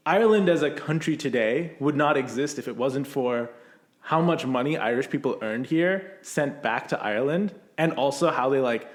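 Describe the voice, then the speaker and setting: A man's voice: medium pitch, expressive, moderate pace. Rambling man in an echoey room. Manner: rambling, many "like" fillers. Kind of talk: casual podcast chat. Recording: roomy echo.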